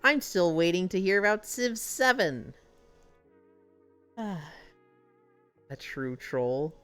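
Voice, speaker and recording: A woman streamer chatting casually on a live stream, animated and prone to swearing and exaggerated outbursts. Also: fairly low pitch, very slow, clear, resonant tone, soft background music. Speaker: livestreamer. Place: at home in VR.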